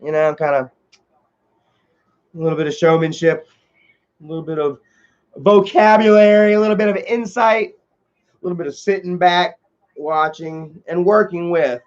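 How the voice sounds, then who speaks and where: A man's voice: a little high, fairly even intonation, normal speed, pauses often, highs cut off. A man hosting a livestream, chatting casually and reading out viewer comments in a rambling way with many filler sounds. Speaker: livestream host.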